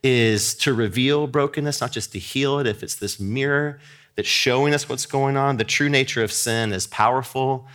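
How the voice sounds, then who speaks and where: Earnest male preacher, mid-pitched, emphatic with frequent restarts. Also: moderate pace, fairly bright tone, smooth. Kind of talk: sermon.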